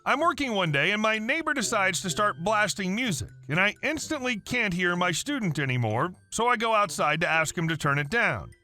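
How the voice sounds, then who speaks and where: A man narrating story posts in a scripted, wry, animated way. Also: high-pitched, brisk, hardly any pauses, faint music behind.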